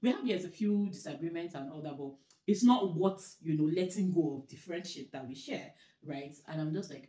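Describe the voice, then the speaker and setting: Fast-talking woman vlogger, echoey room. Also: low voice. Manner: animated storytelling, laughing often. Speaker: vlogger host. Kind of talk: casual chat.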